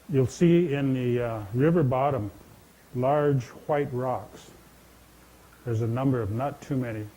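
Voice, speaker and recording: A man's voice: mid-range voice, dark tone, low-quality recording. A man telling traditional legends to a live audience from a stage, folksy and conversational, speaking straight to his listeners. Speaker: storyteller and speaker. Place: stage in a large indoor venue.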